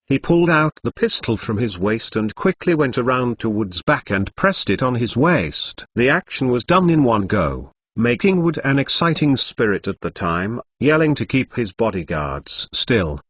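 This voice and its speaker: A man narrating a translated novel in a steady, read-aloud audiobook style. His voice sits mid-range with a lively rise and fall, and it is recorded close and dry. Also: medium pitch, no room sound. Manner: even, reading aloud.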